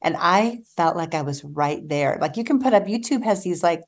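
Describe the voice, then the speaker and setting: A woman's voice: on the low side, lively intonation, moderate pace. A woman novelist being interviewed on a radio show, talking eagerly and laughing often. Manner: warm, enthusiastic, laughs often. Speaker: guest novelist. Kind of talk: casual radio interview chat.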